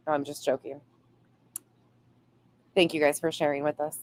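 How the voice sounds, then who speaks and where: Woman host, deep voice, reads chat aloud, playful cussing. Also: little pitch movement, moderate pace, pauses often, a little mellow, dry recording. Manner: reads viewer comments aloud, swears playfully. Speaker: livestream host reading chat. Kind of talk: casual livestream chat.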